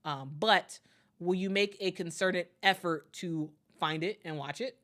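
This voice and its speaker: A woman's voice: fairly low pitch, a little slow, a bit bright. A woman hosting a live stream, chatting casually with viewers, full of fillers and repeated words, upbeat when she thanks people. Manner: friendly, upbeat when reading viewer messages.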